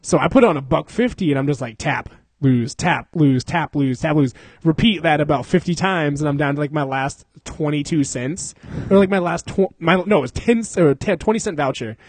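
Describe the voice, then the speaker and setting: Male podcast host, slightly high voice, dry close mic; loose, profane storyteller who breaks into laughter. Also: moderate pace, hardly any pauses, a little mellow, breathy edge, dry recording. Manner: profane, laughs often, acts out people in the story. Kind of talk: casual storytelling chat.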